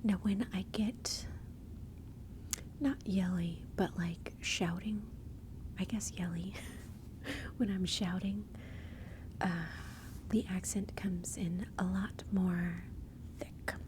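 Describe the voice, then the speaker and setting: A woman's voice: on the low side, fairly even intonation, slow, long pauses, noisy background. A woman from Texas with a Texan accent, whispering close to the mic as she hosts rambling, self-interrupting ASMR commentary. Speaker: ASMR channel host.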